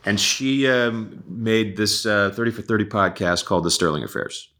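A man's voice: on the low side, normal speed, a bit bright. A man, an actor, chatting casually as a podcast guest, joking and laughing easily. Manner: laughs often, self-deprecating asides.

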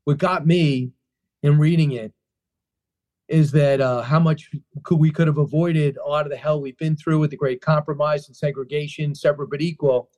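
A man answering interview questions about his book, telling it like a story with plenty of emphasis. His voice sits a bit higher than most men's yet sounds dark and mellow. He talks in bursts, restarting and repeating his key phrases. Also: steady tone, moderate pace. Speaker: author being interviewed.

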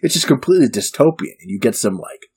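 A man with a husky, slightly breathy voice talks through a film's plot for a podcast. He tells it casually and with energy, breaking into laughter as he goes. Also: medium pitch, fast. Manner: animated, laughing storyteller. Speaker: podcast co-host. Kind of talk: casual film discussion.

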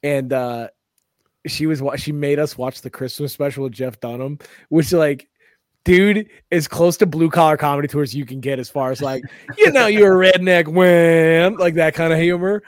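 A man co-hosting a comedy podcast, telling stories in a casual, animated way and acting out the voices of people he quotes. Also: a little high, normal speed, dry recording, clean studio sound. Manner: animated storytelling, acts out quotes. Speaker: podcast co-host.

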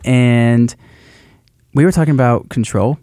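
A man co-hosting a casual faith podcast, talking in halting restarts as he thinks aloud. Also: mid-range voice, mellow, no room sound, clean studio sound. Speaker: podcast co-host.

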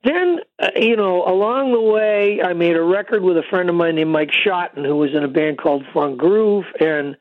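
An older man phones in to tell long, wandering stories, full of "you know" and "um." His voice sits a little high for a man and comes through a thin phone line. The sound is close and dry. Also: normal speed, few pauses, no room sound. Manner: long rambling storytelling with many fillers. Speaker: guest musician. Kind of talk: casual interview over the phone.

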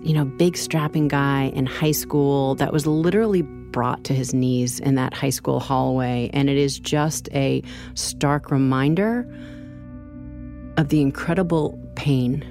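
Low-voiced woman narrating true crime. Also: a little mellow. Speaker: co-host.

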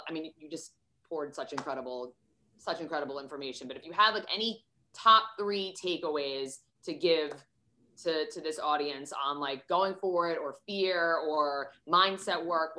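A woman hosts a casual motivational podcast with a bright, forceful voice pitched a little low. She talks candidly and swears freely, acting out little scenes as she goes. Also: moderate pace. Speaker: podcast host.

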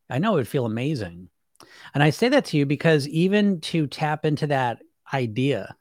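A man's voice: mid-range voice, a little mellow, no echo, clean studio sound. A man coaching on weight loss in a live-streamed talk, speaking conversationally, often checking in with the listener and restarting phrases as he searches for words. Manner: conversational, keeps checking in with "right?" and "you know?".

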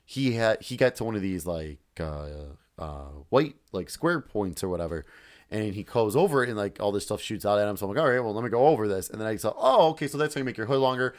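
A man co-hosting a casual podcast rambles and swears freely, acting out his reactions as he goes. He talks fast in a fairly low voice with lively intonation.

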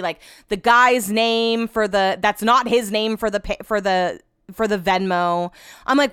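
A woman hosting a podcast tells a story in a casual, rambling way, full of "like"s and frank swearing. Her medium-pitched voice is fairly bright, clear and resonant, recorded dry with studio quality.

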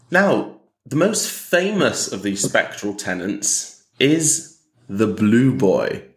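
A man's voice: on the low side, very animated, drawn-out words, long pauses, reverberant. A man co-hosting a casual podcast, joking and teasing and laughing often. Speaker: podcast co-host.

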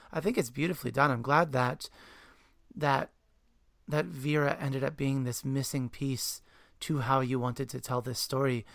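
Gravelly-voiced enthusiastic male interviewer. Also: medium pitch, no room sound. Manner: warm, enthusiastic, halting with restarts. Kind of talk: conversational interview.

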